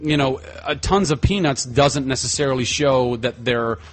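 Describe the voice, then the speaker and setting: A man chatting casually as a podcast guest, enthusiastic and animated, often trailing off into fillers. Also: medium pitch, moderate pace. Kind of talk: casual chat.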